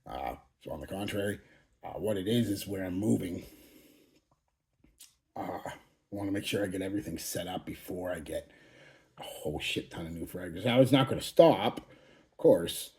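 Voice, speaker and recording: A man in his forties gives a rambling channel update, blunt and casually profane, often restarting his sentences. His voice sits fairly low, with a dark, mellow tone. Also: animated, moderate pace, vocal fry, long pauses. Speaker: fragrance channel host.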